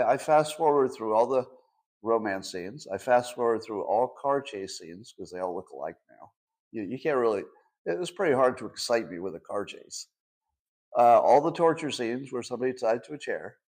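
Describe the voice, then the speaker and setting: A man's voice: medium pitch, a little mellow. Older guy doing his own commentary show, sarcastic, keeps asking questions then answering them. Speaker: host. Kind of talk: casual solo commentary.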